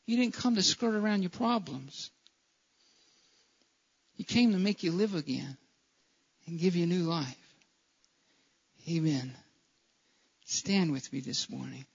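A man's voice: a little high, slow, creaky, pauses often, slightly rough. A man preaching a sermon in a church, impassioned, often stumbling and restarting his phrases. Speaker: pastor. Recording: dull lo-fi church recording.

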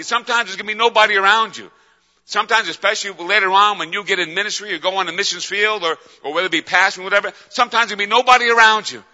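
A man preaching with a sharp, forceful, fairly high voice that rings through a large hall with a long reverb. He builds through repeated phrases, dropping to a hush and rising to loud cries. The sound is dull and muffled. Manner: impassioned, repetitive, swings from hushed to loud cries. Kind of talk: sermon.

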